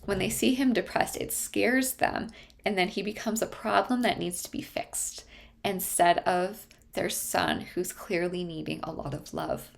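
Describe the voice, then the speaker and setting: A woman's voice: fairly low pitch, a little slow, creaky. A woman therapist explaining a TV series in a thoughtful way, often stopping to search for her words.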